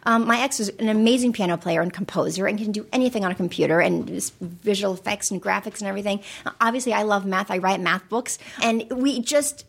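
A middle-aged woman telling stories in casual conversation, animated, often acting out the voices of people in her anecdotes. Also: medium pitch, brisk, gravelly. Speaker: guest.

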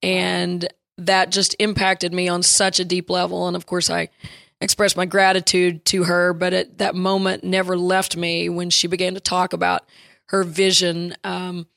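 A woman basketball coach interviewed as a guest, telling a story reflectively, often pausing on fillers and restarting phrases. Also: on the low side, completely flat delivery, vocal fry, fairly bright tone, no echo, studio quality.

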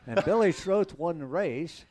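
A man's voice: fairly high pitch, animated, measured pace, a little mellow. An older man, a former race car driver, telling long rambling anecdotes in a casual chat and chuckling between lines. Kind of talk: casual storytelling.

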